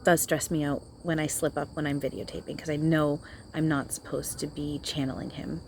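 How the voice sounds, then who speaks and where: Low, mellow-voiced woman channeler. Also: flat delivery, brisk, a little hiss or hum. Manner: hesitant, reassuring, repeats herself. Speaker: spiritual channeler. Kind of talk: channeling vlog monologue. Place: outdoors.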